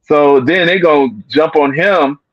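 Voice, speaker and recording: A man on a panel, talking in an animated way and repeating his phrases. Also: a little high, a little slow, dry recording, highs cut off. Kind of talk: heated panel talk.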